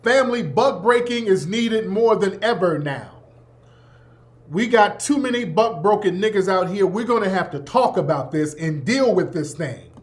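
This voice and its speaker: A man's voice: high voice, expressive, normal speed. A man hosting his own show, giving emphatic, profane, preachy commentary in a casual way. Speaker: host.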